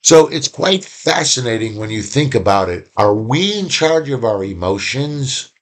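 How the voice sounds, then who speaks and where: A man's voice: mid-range voice, very animated, a little slow. A man giving an informal lecture on emotions, conversational with many fillers and restarts, acting out little quoted exchanges. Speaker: communication instructor.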